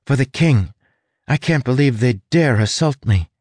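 A man's voice: medium pitch, animated, unhurried, darkish tone, no room sound, studio quality, voice pushed up. A man voicing a young woman prisoner in an audiobook, earnest and insistent. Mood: startled.

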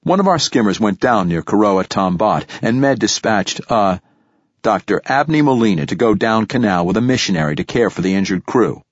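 Brief: male narrator as an earnest aide rattling off reports, low voice, dry close sound. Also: lively intonation, moderate pace, no echo, muffled recording. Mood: dutiful.

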